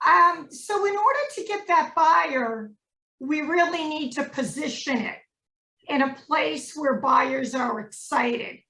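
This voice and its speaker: A woman with a high voice takes the agent's part in a role-play, heard from a distance in an echoey room. She talks in an earnest, slightly hesitant way. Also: slow pace, creaky, bright, forceful tone.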